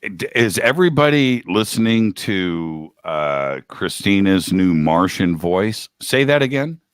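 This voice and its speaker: Deep-voiced rambling man, slow and slangy. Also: sing-song, clean tone. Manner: rambling, laid-back, slangy. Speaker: guest radio host. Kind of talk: casual chat.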